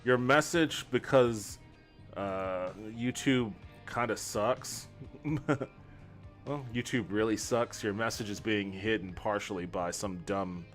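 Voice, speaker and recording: A man's voice: lowish voice, takes it slowly, faint music behind. A man streaming a game from home, chatting casually and joking with chat. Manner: rambling, joking. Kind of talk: casual let's-play chat.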